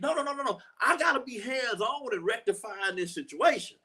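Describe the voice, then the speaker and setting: A man's voice: very high-pitched, animated, normal speed, sharp tone. A man hosting a live talk show, speaking earnestly, often repeating himself for emphasis and asking "you know what I'm saying". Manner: earnest, repeats lines for emphasis, acts out quoted voices. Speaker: host.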